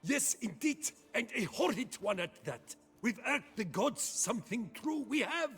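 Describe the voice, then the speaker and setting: An actor playing a panicky, superstitious quarry worker who rambles in an alarmed way in a video game. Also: male voice, very high voice, big pitch swings, unhurried, fairly bright tone, slightly rough, faint music behind, heavily acted.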